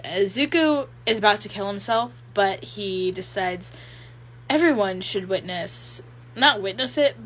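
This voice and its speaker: A woman's voice: medium pitch, fairly bright tone, slight background noise. A woman in a casual vlog, chattily recommending fan stories with lots of fillers and rambling asides. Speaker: fanfiction reviewer.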